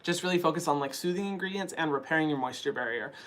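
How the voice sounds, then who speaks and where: A man's voice: on the high side, fast talker, a bit bright, slight background noise. A young man hosting a skin care channel, answering viewer questions in a chatty, casual way full of "um" and "like", with an early morning voice. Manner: chatty, frequent fillers like "um" and "like". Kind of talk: casual chat.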